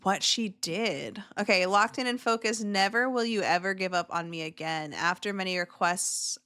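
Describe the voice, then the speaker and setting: A woman's voice: mid-range voice, moderate pace, bright, forceful tone, smooth. A woman hosting a casual reaction video who gushes emotionally over clips, with many filler words.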